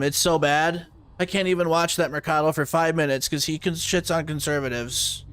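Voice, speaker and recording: A man putting on a high, sneering voice to mock a whiny male online critic. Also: fairly bright tone, a little hiss or hum, lightly acted. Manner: sneering, mocking.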